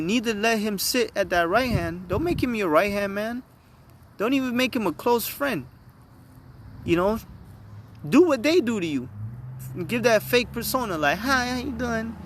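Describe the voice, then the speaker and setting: A man's voice: high voice, fairly bright tone, slight background noise. A man reading scripture and preaching with emphasis, often checking in with his listeners. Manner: emphatic, repeatedly asks "all right?". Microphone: phone.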